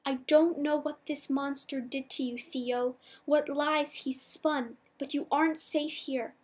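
A woman's voice: high-pitched, steady tone, a little slow. A woman reading the lines of a hardened young male rebel fighter in an audiobook, urgent and blunt.

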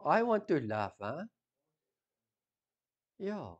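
A man with a South African accent preaching a sermon, swinging from loud emphasis down to hushed intensity. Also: fairly high pitch, big pitch swings, extremely slow, dull audio. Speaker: pastor.

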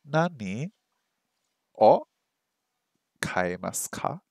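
A man's voice: medium pitch, sing-song, drawn-out words, darkish tone, dry recording. A man with a mid-range voice talks his way through practice, repeating the same short phrases again and again. He mutters half to himself and pokes fun at his own slips. The sound is close and dry, with no room around it. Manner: thinks aloud, repeats phrases over and over, self-mocking. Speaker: streamer learning a language. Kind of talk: casual think-aloud study stream. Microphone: streaming microphone that picks up his voice weakly.

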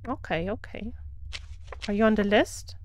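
This is casual live gameplay commentary from a woman with a German accent who laughs and greets her followers as she plays. Her mid-range voice has a darkish tone and a measured pace.

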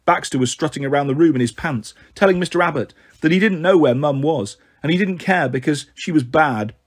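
A man with a somewhat high, husky voice reads a children's novel aloud. His narration is steady and measured. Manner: steady first-person reading. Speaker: storyteller.

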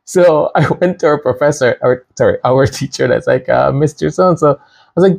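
A man's voice: medium pitch, moderate pace, vocal fry, darkish tone. A middle-aged man from Canada talking casually to his viewers, chatty and rambling, often laughing and restarting his sentences. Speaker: channel host. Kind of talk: casual commentary monologue.

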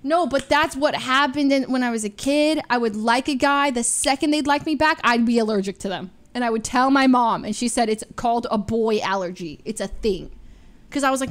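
A young adult woman streamer telling stories in casual chat, animated and full of fillers, acting out the voices she quotes. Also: a little high, normal speed.

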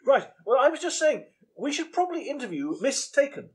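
An actor playing a stubborn police assistant in a live comedy sketch, dry and deadpan with a stuffy politeness. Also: male voice, extremely high pitch, a little fast.

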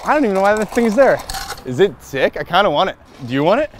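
A man from Chicago chatting casually on a lapel mic outdoors, excitable and profane, with loud bursts and frequent laughs. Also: sits high, quick pace. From Chicago, USA. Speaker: scooter rider interviewed on a filming day. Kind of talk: casual chat while filming. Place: outdoors on city streets.

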